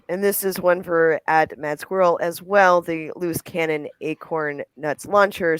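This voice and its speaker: A chatty, giggly woman reads viewer messages aloud on a livestream. Her voice is smooth and clear, with a dry, close sound. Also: sits low, no room sound, low-quality recording. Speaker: livestream co-host reading chat. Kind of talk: casual chat, reading viewer messages.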